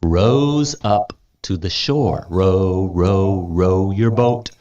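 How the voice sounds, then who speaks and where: A man teaching English who reads a story aloud, explains words, and repeats them slowly for students to copy. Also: deep voice, mellow, muffled recording.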